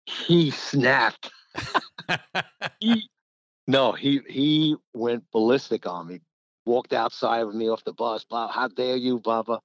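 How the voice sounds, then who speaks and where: The former college basketball player, now middle-aged, wanders through anecdotes slowly, pausing often, laughing and performing quotes as he goes. His mid-range voice has a fairly bright tone and lively intonation, recorded dull, dry and lo-fi with no room sound.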